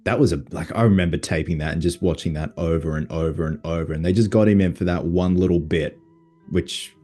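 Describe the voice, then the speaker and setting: Very low, dark-voiced man chatting fast. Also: steady tone. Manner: quick, chatty, enthusiastic fan talk. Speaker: podcast host. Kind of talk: casual chat.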